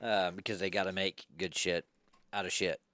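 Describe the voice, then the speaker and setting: Male guest, casual, swears freely, lower voice. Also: little pitch movement, moderate pace, bright, forceful tone, dry recording, studio quality. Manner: profane, chiming in with agreement. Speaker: podcast guest, former private prison worker. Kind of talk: casual chat.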